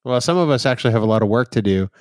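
A man's voice: medium pitch, very fast, darkish tone, no room sound, clean studio sound. Teasing male podcast co-host. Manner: teasing, laughs often. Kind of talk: casual podcast chat.

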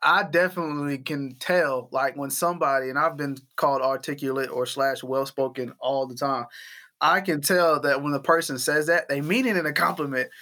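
A man's voice: a little high, moderate pace. A man co-hosting a casual chat, telling stories and acting out the quotes with animation. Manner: animated storyteller, acts out quotes. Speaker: podcast co-host.

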